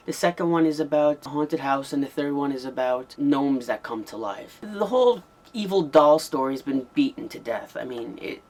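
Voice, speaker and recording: A man giving a casual, rambling spoken review of an old horror tape, with frequent ums and restarts. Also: medium pitch. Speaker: VHS movie reviewer.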